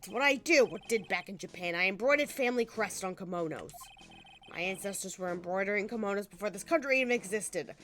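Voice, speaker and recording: A woman's voice: mid-range voice, fast talker, a bit bright, a little hiss or hum, lightly acted. A woman voicing a grumpy, stubborn old male witness in a put-on French-sounding accent. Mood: gruff. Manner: gruff, grumbling.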